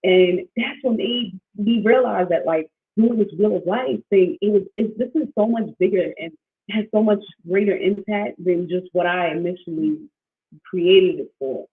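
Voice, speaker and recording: A woman's voice: mid-range voice, normal speed. Woman, livestream host, casual rambling chat, frequent restarts, tinny phone-like audio. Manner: rambling, animated, many restarts and fillers, laughs often. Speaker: financial wellness coach, livestream host. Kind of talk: casual livestream talk, reading viewer comments.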